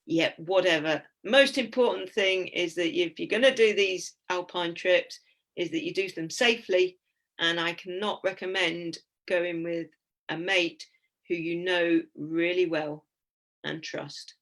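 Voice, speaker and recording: A woman in her fifties giving a lively, blunt and humorous talk with slides about a climbing trip. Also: lowish voice, a little slow. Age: 50s.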